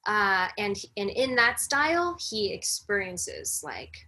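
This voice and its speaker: A woman guest on a podcast, a breathwork facilitator, telling a personal story in an animated, casual way with frequent fillers. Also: mid-range voice, slow, a little hiss or hum.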